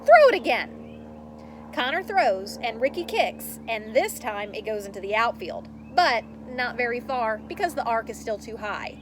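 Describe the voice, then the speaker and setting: A woman's voice: a little high, animated, normal speed, hardly any pauses, noisy background. A woman reading a children's chapter book aloud with expression, speaking to young listeners. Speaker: read-aloud host.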